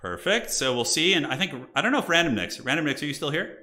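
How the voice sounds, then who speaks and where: A young man casually commentating a live game stream, excitable and joking. His voice is bright and forceful, and his pitch swings a lot. He chats straight to his viewers. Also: quick pace. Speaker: streamer hosting multiplayer matches.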